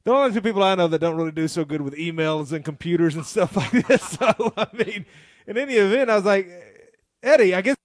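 A man's voice: high-pitched, lively intonation, fast talker, dry recording, studio quality. A man co-hosting a radio show in casual chat, jokey and enthusiastic. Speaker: radio co-host. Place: radio studio.

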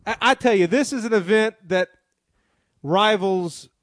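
A man's voice: high-pitched, unhurried, a bit bright, no echo. A man co-hosting a radio show in casual chat, jokey and enthusiastic. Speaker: radio co-host. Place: radio studio.

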